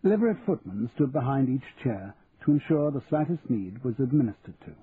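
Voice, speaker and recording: A man narrating an audiobook in a measured, wry storytelling manner. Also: mid-range voice, big pitch swings. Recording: tinny, phone-like audio, faint hiss.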